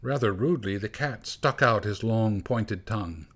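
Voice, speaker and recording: A man reading a storybook aloud as narrator, in a calm, measured way. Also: lowish voice.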